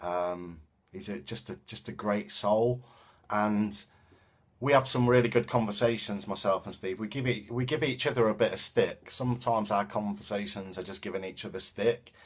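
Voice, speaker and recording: A man's voice: on the low side, normal speed. A man with a Coventry accent, speaking in a casual, reflective way with frequent hesitations and restarts. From England. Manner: thoughtful, hesitant with many ums and restarts. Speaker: vlogger and self-defense teacher.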